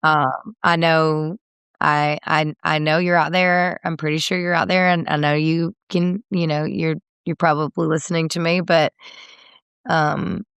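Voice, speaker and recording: A woman in her thirties, a singer guest in a candid interview, telling a personal story with many fillers and soft laughs. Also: low-pitched, flat delivery, unhurried, clean tone, dry recording.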